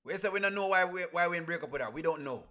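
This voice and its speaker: A man's voice: high-pitched, expressive, racing, pushed and bright. A man hosting a casual livestream, reacting to clips and reading chat aloud with a playful manner and frequent laughter. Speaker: reaction streamer.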